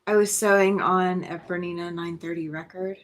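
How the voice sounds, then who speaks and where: A woman's voice: on the low side, steady tone, normal speed, a little hiss or hum. A woman from Alabama, chatting casually with friends. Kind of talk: casual group chat.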